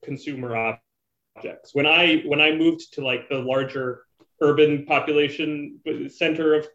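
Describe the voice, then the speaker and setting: A man's voice: on the high side, steady tone, measured pace, fairly bright tone. Male writer guest from rural Canada, rambling delivery, echoey, muffled audio. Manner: rambling, lots of likes and ums. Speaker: comic book writer, guest. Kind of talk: casual podcast interview.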